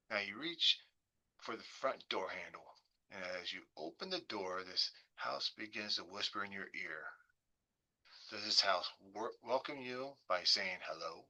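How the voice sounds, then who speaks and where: A man, a real estate agent, hosting a webinar and leading listeners through a slow, coaxing guided visualization. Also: fairly low pitch, sharp tone. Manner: slow, coaxing, imaginative storytelling.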